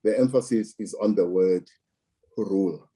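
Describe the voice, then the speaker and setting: A man from South Africa giving measured political commentary, deliberate and emphatic, repeating words for stress. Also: on the low side, mellow, husky.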